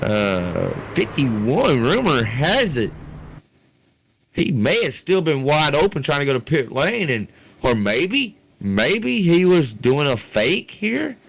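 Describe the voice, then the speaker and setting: A man doing live play-by-play commentary for a sim racing league, rambling and excitable, talking to his producer on air. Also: on the high side, slow, gravelly.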